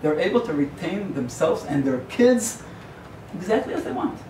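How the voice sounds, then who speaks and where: A man's voice: a little high, sing-song, normal speed, warm tone. A man, a rabbi, giving a sermon in a digressive, joking storyteller's way, recorded in an echoey hall from far off. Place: yeshiva lecture hall. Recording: echoey hall, far from the mic, faint hum.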